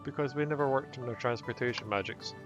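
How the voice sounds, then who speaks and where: A man's voice: medium pitch, quick pace, muffled recording. A man co-hosting a let's play, chatting in a jokey, teasing way. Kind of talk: casual gaming chat. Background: game music.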